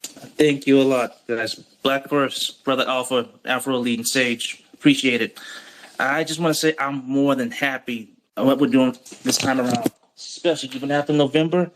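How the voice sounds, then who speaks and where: A man's voice: medium pitch, fairly even intonation, moderate pace, a bit bright. A man taking his turn in a chat room, thanking the hosts and speaking plainly. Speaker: caller.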